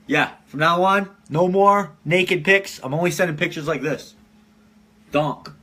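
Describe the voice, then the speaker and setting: A man's voice: a little high, unhurried, pushed and bright. A man in his twenties hosting a casual live-streamed podcast from home, telling rambling, profane stories and laughing often. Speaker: podcast host.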